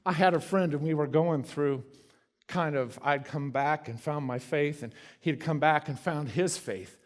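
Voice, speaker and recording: Man preaching, slightly high voice. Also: measured pace. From Kentucky. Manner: conversational preaching with sudden drops to a soft hush. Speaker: guest preacher. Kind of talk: sermon. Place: church sanctuary.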